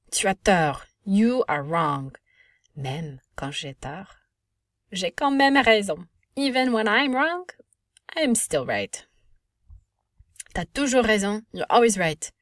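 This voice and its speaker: Lively-voiced woman teaching French. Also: fairly low pitch, no echo, studio quality. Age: 30s. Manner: clear, patient explaining with lively emphasis. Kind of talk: recorded language lesson.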